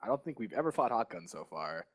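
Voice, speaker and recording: A young man on a headset after a match, chatting loosely with plenty of fillers and laughter. His voice sits fairly low but jumps around with excitement. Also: quick pace, creaky. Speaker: guild leader guest. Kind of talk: casual esports interview.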